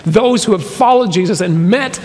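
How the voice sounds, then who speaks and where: A man's voice: sits high, animated, moderate pace, a little mellow. A man preaching a sermon with dry humor, building to emphatic quoted lines. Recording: long hall reverb.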